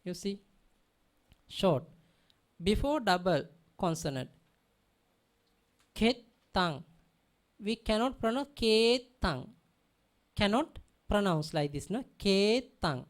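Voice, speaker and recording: Female teacher, slow deliberate delivery, repeats each word in drills, keeps asking if students follow. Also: mid-range voice, sing-song. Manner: drills pronunciation by repeating words, often checks understanding. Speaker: Pali teacher. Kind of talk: classroom language lesson.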